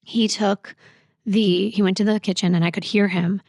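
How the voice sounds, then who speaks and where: A woman guest on a podcast, recounting a painful personal story in a halting, reflective way full of fillers. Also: mid-range voice, steady tone, a little mellow, dry recording, studio quality.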